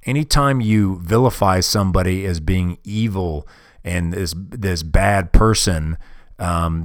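This is a casual podcast monologue from a deep-voiced host in his forties who talks bluntly, curses, rambles and often restarts sentences. The podcast-microphone recording is dry and of studio quality.

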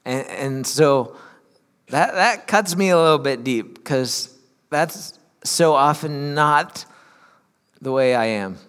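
A man's voice: a little high, lively intonation, slow pace, fairly bright tone, clear, resonant tone, in a large hall. A male pastor giving a sermon in a church, mixing reading aloud with candid, conversational asides.

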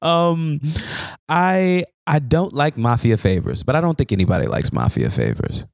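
A man hosting a podcast in casual chat, laughing often and jumping up in pitch when excited. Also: normal speed, creaky, dry recording, clean studio sound. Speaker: podcast host.

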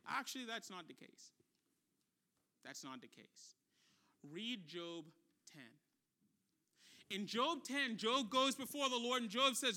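A pastor preaching a sermon, emphatic and repetitive, swinging between quiet and loud. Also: high-pitched, expressive, a little slow.

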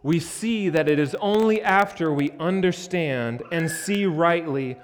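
Slow, earnest American preacher. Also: male voice, a little high, slight background noise. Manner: earnest, emphatic preaching with forceful rises. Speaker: pastor. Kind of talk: sermon. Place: church sanctuary. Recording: long church reverb.

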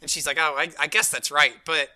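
A man co-hosting a casual podcast chat. His voice is high and piercingly bright, and he tumbles through a story recap full of "like" and quoted dialogue. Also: fairly even intonation. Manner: rapid, filler-heavy retelling with quoted voices. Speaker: podcast co-host.

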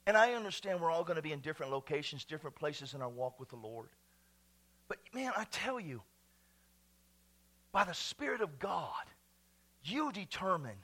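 A man preaching a sermon to his church, swinging from hushed, whispered lines to loud, shouted passages. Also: fairly high pitch. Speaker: pastor. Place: church sanctuary.

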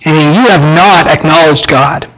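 A man's voice: fairly high pitch, a little slow, a bit bright, poor audio. A man preaching a sermon as pastor, earnest, with frequent rhetorical questions to the congregation.

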